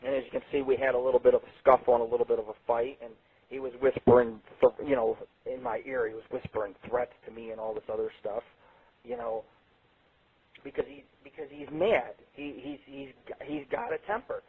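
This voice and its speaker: A man hosting a late-night internet radio show, telling rambling, profane stories with sudden jumps in pitch. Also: a little fast, husky. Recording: tinny phone-like sound.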